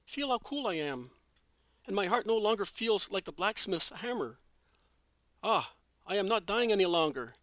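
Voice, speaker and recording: A man doing a shrill, overjoyed old woman. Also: sing-song, normal speed, long pauses, pushed and bright, dry recording, exaggerated voice. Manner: cries out shrilly once cured. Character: frail feverish old woman, grudging.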